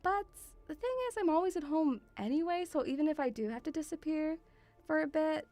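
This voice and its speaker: A woman's voice: high voice, fairly quick, dark tone. A woman streamer chatting casually and rambling, calling her viewers sweetie. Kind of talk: casual live-stream chat.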